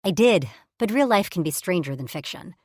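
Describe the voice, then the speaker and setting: Woman reading a bubbly gossipy young woman, eager, wheedling, low voice, dry close sound. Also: lively intonation, normal speed, darkish tone, husky, no room sound. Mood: eager teasing.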